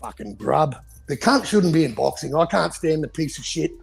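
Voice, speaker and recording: Gravelly, swearing man ranting. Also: a little high, expressive, normal speed, faint music behind. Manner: profane, heated ranting. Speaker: podcast co-host. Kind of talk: casual boxing chat.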